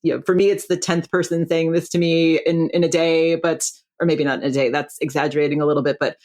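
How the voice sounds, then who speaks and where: A woman's voice: sits low, level tone, fast talker, a little mellow. A middle-aged American woman from Buffalo, New York, chatting as a podcast guest over a video call, laughing often and restarting her sentences. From Buffalo, New York, USA. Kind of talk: casual interview chat.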